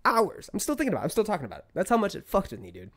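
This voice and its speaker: A man in his thirties, a podcast guest telling a story in casual chat, talking heatedly and swearing, his pitch climbing when he gets worked up. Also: huge pitch swings, rapid-fire, crowd noise. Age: 30s.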